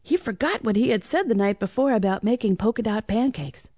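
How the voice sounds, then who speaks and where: A woman reading a children's Christmas bedtime story, animated with hushed, whispery asides. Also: fairly high pitch, a little fast, no room sound, studio quality.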